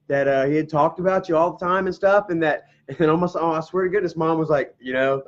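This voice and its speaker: A man's voice: on the high side, moderate pace. A middle-aged man, telling a family story straight to camera at home, rambling, swearing casually and laughing through tears. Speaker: vlogger. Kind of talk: emotional personal storytelling to camera. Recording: dull lo-fi camera audio.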